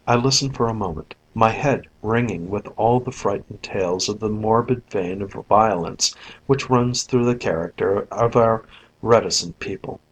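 A man narrating a story in an even, measured audiobook reading. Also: on the low side, slightly rough, low-quality recording. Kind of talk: scripted narration.

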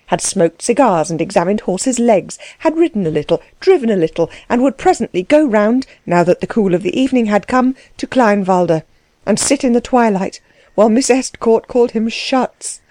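A woman narrating a classic novel with expressive, steady storytelling. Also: mid-range voice, moderate pace, dry recording. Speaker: audiobook narrator. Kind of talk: scripted narration.

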